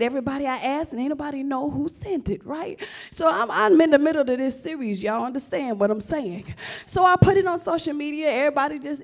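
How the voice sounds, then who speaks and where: An older woman pastor preaching a sermon in a lively, emphatic call-and-response way, rising into shouts at times. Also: high voice, fairly quick.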